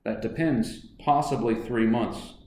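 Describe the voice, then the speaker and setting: A man voicing a smooth, scheming middle-aged businessman in a storybook reading, coaxing in manner. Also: medium pitch, a little slow, mellow, natural voice. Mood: smooth persuasive. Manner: suave, coaxing, then menacing. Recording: echoey room.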